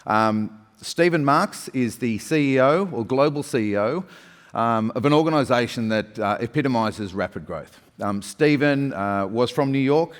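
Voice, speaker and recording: A man's voice: mid-range voice, expressive, normal speed. A man moderating a stage interview, introducing his guest with a lot of hesitation and filler words. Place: large event hall stage. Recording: reverberant conference hall.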